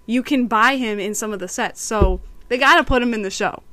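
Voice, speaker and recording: A woman's voice: fairly high pitch, brisk, bright, forceful tone. A woman hosting a podcast, reviewing cartoon episodes in casual, chatty talk and acting out quotes. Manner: chatty, giggly, acts out quotes.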